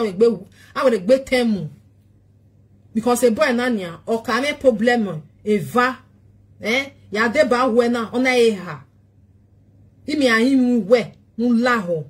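A Nigerian woman speaks in a husky voice that sits a bit high. She pleads over and over and keeps returning to short questions. Her talk is loose and casual.

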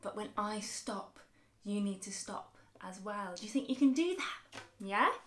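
A woman leading a children's music lesson, talking cheerfully, slowly and clearly for small children. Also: medium pitch, animated, fairly bright tone, a little hiss or hum. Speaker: early years music teacher. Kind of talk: interactive children's sing-along lesson.

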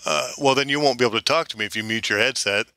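A man's voice: medium pitch, racing, pushed and bright. A man streaming a video game, chatting casually with a teammate, joking and swearing as he rambles along into a headset mic. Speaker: streamer playing an online shooter. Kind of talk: casual gaming chat.

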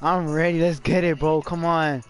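A man streaming a game live, shouting and swearing excitedly, repeating phrases over and over. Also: fairly high pitch, normal speed, clean tone, soft background music. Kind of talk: hyped live gaming commentary.

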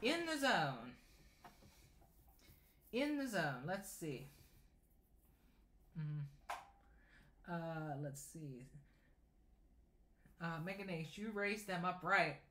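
A man's voice: a little high, big pitch swings, drawn-out words, long pauses, roomy sound, noisy background. A young man in his late teens hosting a casual sewing livestream, chatting and reading viewer comments aloud as he answers them. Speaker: sewing channel host. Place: home sewing room.

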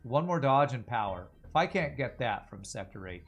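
A man giving casual gameplay commentary on a stream, mid-range in pitch and easygoing. He rambles from strategy to silly tangents, thinking aloud. Faint music plays underneath his voice. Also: lively intonation, moderate pace.

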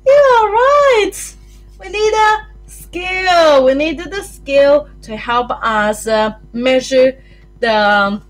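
A woman with a New Zealand accent leading a circle-time lesson for young children, with a sing-song, animated way of talking. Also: sits high, slow pace, soft background music. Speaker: early childhood teacher.

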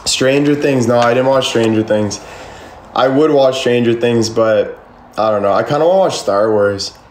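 Young guy on a livestream answering chat, says like a ton, swears, mid-pitched voice, echoey room. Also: moderate pace, a little mellow, slight background noise. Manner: rambling, swears a lot, constant "like" fillers. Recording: echoey room with faint ambience.

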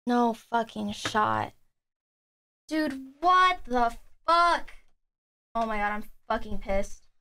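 A woman's voice: fairly high pitch, big pitch swings, slow pace, pauses often, bright, forceful tone, clean tone. A woman streamer chatting live to her viewers at her desk, exasperated and swearing freely. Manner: exasperated, swearing, talking to chat. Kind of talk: live stream reaction chat. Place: home room at a desk.

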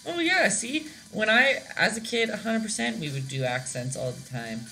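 A woman's voice: mid-range voice, lively intonation, moderate pace, sharp tone, soft background music. A young Canadian woman teaching a casual live-stream painting lesson, chatty and giggly, rambling with lots of fillers. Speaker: painting instructor.

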